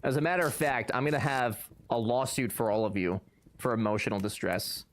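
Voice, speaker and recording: A man's voice: medium pitch, brisk. A man streaming live, chatting casually and answering his chat with sarcastic, joking banter.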